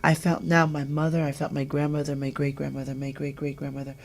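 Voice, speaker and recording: A middle-aged woman hosting a talk show, telling personal stories in an animated way and acting out the voices of people she quotes. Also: deep voice, quick pace, gravelly. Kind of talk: personal storytelling chat.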